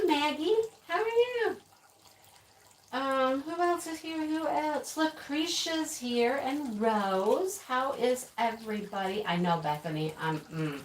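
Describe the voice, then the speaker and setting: A woman's voice: a little high, recorded from a distance. Woman host, chatty livestream greeter, sits back from the mic in an echoey room with faint hiss. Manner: chatty, laughs often, calls out names. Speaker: live stream craft host. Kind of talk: casual live chat greeting viewers.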